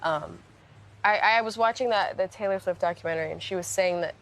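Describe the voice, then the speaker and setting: A young woman in a casual radio interview, talking softly with many restarts and fillers. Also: mid-range voice. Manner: soft-spoken, halting, many restarts and fillers. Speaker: interview guest, musician.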